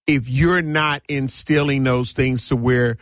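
A man hosting a call-in talk radio show, speaking emphatically about accountability and warmly greeting callers. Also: mid-range voice, fairly even intonation, slow pace, no room sound. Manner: affectionate, emphatic, preaching accountability.

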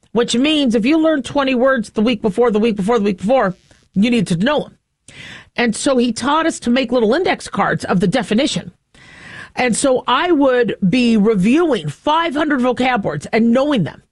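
A woman in her fifties hosting a monologue, an animated storyteller who acts out the people in her anecdotes. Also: a little high, no room sound, studio quality.

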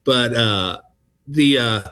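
A man's voice: medium pitch, slow, fairly bright tone. A middle-aged man, a comedian guest telling rambling anecdotes in a casual interview. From Texas. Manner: rambling anecdotes with restarts and acted-out voices.

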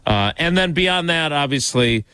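A man's voice: on the high side, expressive, measured pace, bright, forceful tone, smooth, no echo. A man hosting a casual talk show, thanking listeners and teasing his co-host in a wry way. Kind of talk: casual chat.

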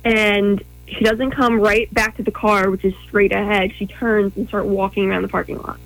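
A woman's voice: mid-range voice, level tone, moderate pace, dry recording, poor audio. A young woman telling her own story as an interview guest, earnest, with many ums and quoted thoughts.

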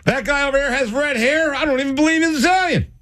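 A man's voice: extremely high pitch, fast, fairly bright tone. A man hosting a radio show, needling his co-host in casual teasing banter.

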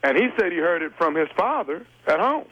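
A man's voice: on the high side, sing-song, brisk, slight background noise. A man making a prank phone call while posing as a caseworker, speaking in a stern, formal way and stalling with many fillers. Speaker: radio prank caller.

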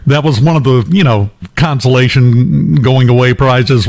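A man's voice: medium pitch, normal speed, a little mellow. A man hosting a morning talk show, telling a long personal anecdote in a casual, chatty way with many fillers and restarts. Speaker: radio show host.

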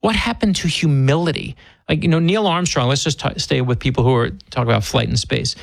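Gravelly guy guesting on talk radio, earnest, stumbles into his points, dry close sound. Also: medium pitch, brisk, dry recording. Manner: earnest, emphatic, repeats words when starting. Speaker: author guest. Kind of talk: radio interview.

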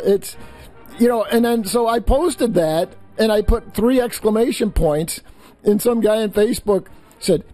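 High-voiced man ranting as a talk host. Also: a little mellow, no room sound. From New York State. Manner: heated, scornful, stumbles and repeats words. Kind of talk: political commentary rant.

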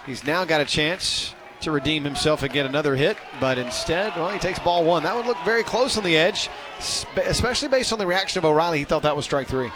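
A man's voice: on the high side, expressive, a little fast. A man calling a baseball game play-by-play, chatty and self-deprecating, lifting his voice on big plays. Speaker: play-by-play announcer.

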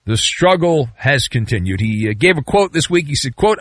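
Sarcastic male sports podcast host, comedic rant, wildly swinging pitch, dry close sound. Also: sing-song, normal speed, few pauses, fairly bright tone, no room sound. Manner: sarcastic, mocking, with sudden jumps in pitch.

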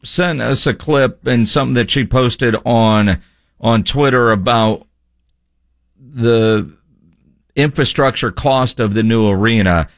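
A man's voice: mid-range voice, no echo. Chatty radio co-host man, dry close sound. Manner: rambling, chatty, quick asides. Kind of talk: casual sports talk radio chat.

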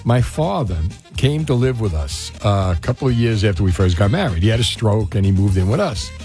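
A man hosting a morning radio show, telling stories with lively acted-out quotes. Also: on the low side, fairly quick, soft background music. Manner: animated storyteller, acts out quotes. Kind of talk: casual morning radio banter.

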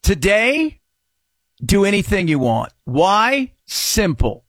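Male radio host, high lively voice, slow sarcastic delivery, dry studio sound. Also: no echo. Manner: sarcastic, mocking shouts into a high voice. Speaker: radio talk show host. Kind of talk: opinionated talk radio monologue.

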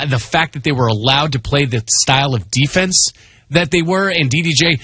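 A man hosting a sports radio show, talking in an animated way and reading ad copy briskly. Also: fairly high pitch, slightly rough, no room sound. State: losing his voice.

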